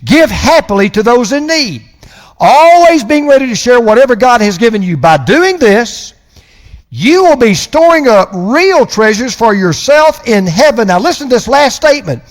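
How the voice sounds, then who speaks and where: An older man delivers a sermon from the pulpit, emphatic and slowing down to stress the lines that matter. His voice sits high and swings widely in pitch. A long reverb from the large church hall trails behind each phrase. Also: sing-song. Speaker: pastor.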